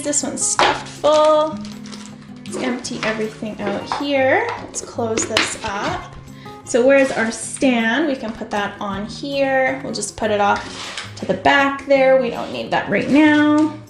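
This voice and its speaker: A woman hosts a toy unboxing, gushing over every find and calling out to her viewers. Her voice sits a little high and her delivery is slow and unhurried. The room is echoey, with faint music playing underneath. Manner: gushing, excitable, talks to viewers as "you guys". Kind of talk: casual unboxing commentary.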